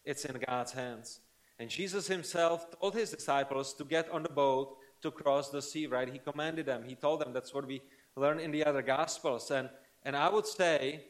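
A man preaching a sermon in an earnest, conversational way, often checking in with the listeners. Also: fairly high pitch. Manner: earnest, conversational, frequent tag questions.

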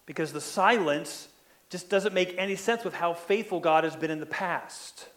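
A man's voice: high voice, normal speed, fairly bright tone. A man preaching a sermon in an earnest way, often repeating words as he presses a point.

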